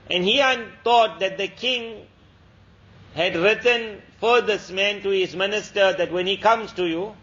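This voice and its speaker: High-voiced male preacher telling a story. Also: a bit bright. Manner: earnest, repetitive, preachy. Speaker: Islamic lecturer. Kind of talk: storytelling sermon. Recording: dull lo-fi lecture recording.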